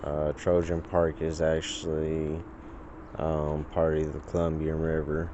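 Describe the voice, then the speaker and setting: A man with a rumbling low voice speaks unhurriedly and utterly flat, in lo-fi phone audio with background noise. Recording a casual vlog outdoors by a pond, he rambles through a filler-heavy story, retelling dialogue in put-on voices.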